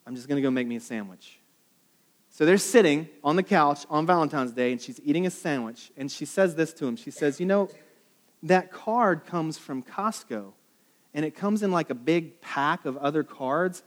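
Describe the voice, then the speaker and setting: Conversational male pastor, slightly high. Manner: storytelling, conversational, with dramatic quoted asides. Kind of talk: sermon.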